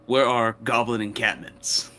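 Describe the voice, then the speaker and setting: A man's voice: medium pitch, unhurried, bright, forceful tone, a little hiss or hum. A man playing a tabletop game, asking questions in a thoughtful, hesitant way. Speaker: player.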